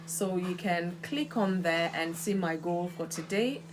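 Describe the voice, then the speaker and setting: A woman's voice: fairly low pitch, measured pace. Chatty woman hosting a live stream. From Nigeria. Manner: chatty, greets viewers by name. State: coughing from kitchen fumes. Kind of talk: casual live-stream chat.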